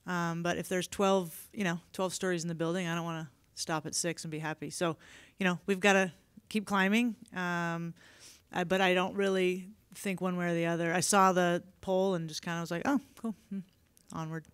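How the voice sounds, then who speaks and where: Woman, head coach, press conference, candid, filler-heavy, smooth voice, dry sound. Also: lowish voice, moderate pace, dry recording. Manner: relaxed, candid, many fillers. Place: media day podium.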